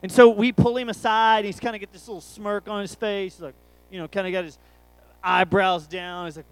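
A man's voice: high-pitched, fairly even intonation, moderate pace, smooth, low-quality recording. A man, preaching a sermon through a rambling, jokey family story.

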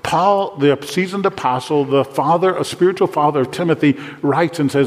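An older man preaching a sermon to fathers, earnest and dropping to a hushed voice when praying. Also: on the high side, brisk, few pauses, in a large hall. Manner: earnest, drops to a hushed voice for prayers. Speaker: pastor.

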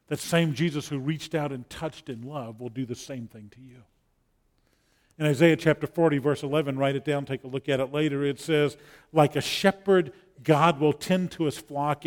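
A man preaching a sermon from New Orleans, dropping to hushed lines and building to loud, excited peaks, often repeating words as he presses a point. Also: medium pitch. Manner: dynamic preaching, drops to near whisper then builds loud. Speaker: pastor.

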